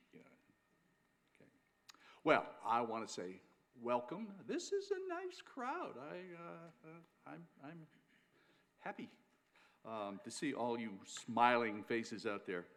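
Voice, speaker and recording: A man speaking as president of a learning organization, giving a halting welcome speech from a stage with many fillers and restarts. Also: mid-range voice, expressive, a bit bright. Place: auditorium stage.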